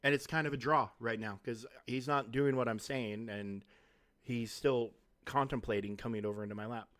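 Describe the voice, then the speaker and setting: A man's voice: medium pitch, steady tone, moderate pace, a bit bright. A man casually chatting on a live game stream from a home desk, rambling and restarting his sentences. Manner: rambling, self-interrupting, chatty. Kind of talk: casual live-stream chat while gaming. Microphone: desk mic on a stand.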